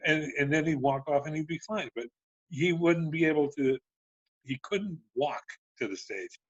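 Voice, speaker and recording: A man in his sixties with a husky voice recounts old tour stories in casual, profane chat. He mimics the people he talks about as he goes. The sound is dry and a little muffled. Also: fairly high pitch, moderate pace, no echo. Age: 60s. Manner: profane, animated anecdotes with acted-out dialogue. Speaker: guest, former band road manager. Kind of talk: casual storytelling.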